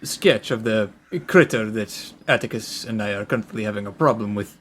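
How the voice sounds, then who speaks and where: A man's voice: on the low side, moderate pace, natural voice. Brief: man doing a scheming mage-adventurer for a tabletop game, old-fashioned formal wording, faint background noise. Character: male adventurer with magical knowledge, scheming. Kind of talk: tabletop role-play character voice.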